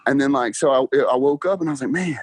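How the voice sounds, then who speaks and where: A young man chats about his work, acting out his own dialogue and laughing often. His voice is mid-pitched and lively. It sounds close and dry. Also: quick pace, no echo. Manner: animated storyteller, acts out dialogue, laughs often. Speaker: podcast guest, car salesman. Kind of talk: casual interview chat.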